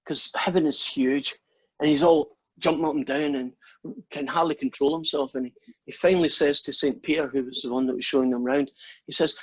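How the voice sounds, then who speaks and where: Male math teacher, husky, chatty and friendly, dull call-quality audio. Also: on the high side, fairly even intonation, brisk. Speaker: math instructor. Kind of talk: online class, casual. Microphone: video call.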